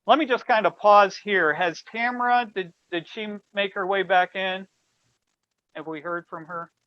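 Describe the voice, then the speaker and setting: A man's voice: sits high, measured pace, no room sound. A man presenting a strategy webinar, walking listeners through slides and asking a colleague to advance them. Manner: explanatory, directs slide changes. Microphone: video call. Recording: dull lo-fi web call audio.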